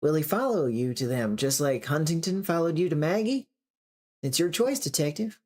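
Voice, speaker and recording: A reader voicing a calm, motherly older woman who speaks gently and coaxingly. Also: medium pitch, moderate pace, lightly acted. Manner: gentle, coaxing, calls people darling.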